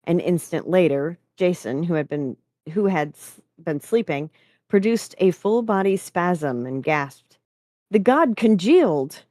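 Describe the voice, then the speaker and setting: A woman reading a story aloud in a measured, unhurried way. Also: on the low side, darkish tone, no room sound, studio quality. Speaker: story reader.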